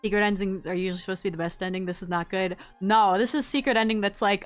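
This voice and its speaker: Woman streamer, casual gameplay chat, reactive, middle pitch, faint game music behind. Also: steady tone, fast talker, hardly any pauses. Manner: chatty, reacts aloud, laughs.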